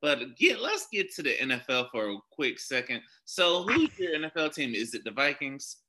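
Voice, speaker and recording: A man's voice: mid-range voice, sing-song, moderate pace, bright, forceful tone. A man podcaster chatting casually in an easygoing, loose way. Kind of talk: casual chat.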